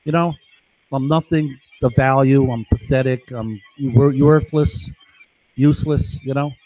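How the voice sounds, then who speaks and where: A middle-aged New York man with a dark, steady, medium-pitched voice talks a little slowly, recorded dry. He drifts through a long monologue, often asking "right?" and "you know?", while voicing the people he overheard.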